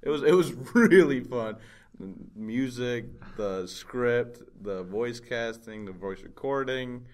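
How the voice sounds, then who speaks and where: A man's voice: mid-range voice, slow. A man co-hosting a podcast, chatting casually and joking with friends. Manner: joking, playful banter. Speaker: podcast co-host. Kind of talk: casual chat.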